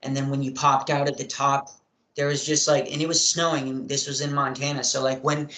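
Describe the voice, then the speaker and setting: A young man, a podcast guest, telling a personal story in a rambling way, with many fillers and frequent throat clearing. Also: medium pitch, little pitch movement, a little fast, pushed and bright. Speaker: interview guest. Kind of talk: casual storytelling in an interview. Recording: echoey room.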